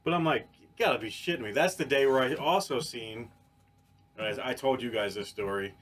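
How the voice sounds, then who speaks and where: A man on a podcast telling a story in casual chat, animated and profane, with many restarts. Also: medium pitch, brisk, slight background noise. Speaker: podcast co-host.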